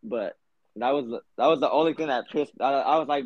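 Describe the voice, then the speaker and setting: A man's voice: medium pitch, brisk, no room sound. A young man hosting a podcast, telling a long story in a rambling, profane way, full of fillers. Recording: dull lo-fi podcast audio.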